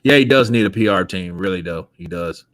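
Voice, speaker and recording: A man hosting a casual boxing talk who is animated, laughs often and swears freely. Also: sits low, brisk, no echo. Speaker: host. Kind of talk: casual chat.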